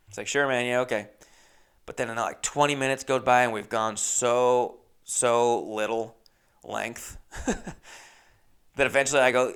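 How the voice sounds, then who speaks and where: Speaking smoothly at a medium pitch and normal speed, this young Los Angeles man hosts a podcast and spins a casual story. He throws in lively asides, voices other people's lines, and swears freely.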